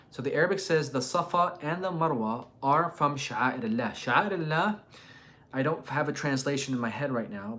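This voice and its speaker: A man's voice: mid-range voice, fairly bright tone. Hesitant man from Jordan and Palestine. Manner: hesitant, thinks aloud with many fillers and restarts. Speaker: religious channel host. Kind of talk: casual live chat and Quran commentary.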